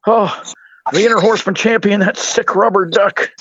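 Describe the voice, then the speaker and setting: Gruff, gravelly man trading crude jokes. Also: high-pitched, steady tone, moderate pace, fairly bright tone, dry recording, dull audio. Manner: gruff, crass, mock-outraged. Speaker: wrestling league commentator. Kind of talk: crude joking podcast banter.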